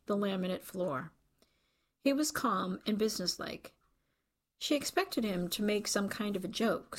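A woman reading a novel aloud in scripted, measured narration. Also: medium pitch. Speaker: audiobook narrator.

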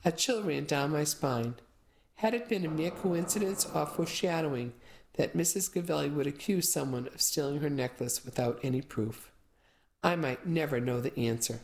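Gravelly woman narrating a first-person story. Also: sits low, moderate pace, rough recording. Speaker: audiobook narrator.

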